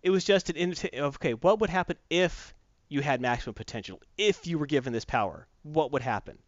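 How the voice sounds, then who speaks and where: A man in a casual chat, retelling a comic book story in animated fashion and acting out the characters' lines. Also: fairly high pitch, fast, dry recording, muffled recording.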